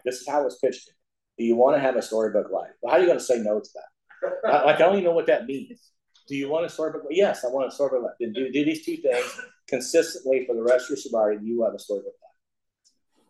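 A man's voice: mid-range voice, a little mellow. Older man telling his story in an echoey hall. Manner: storytelling, folksy and emphatic. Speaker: recovery speaker. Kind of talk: speaking to a recovery meeting.

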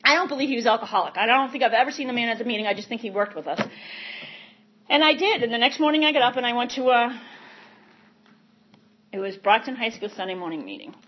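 A middle-aged woman, telling her recovery story in a candid, animated way and laughing often. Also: fairly high pitch, quick pace, long pauses, a little hiss or hum. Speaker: speaker sharing recovery story. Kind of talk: personal testimony talk. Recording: muffled lo-fi recording.

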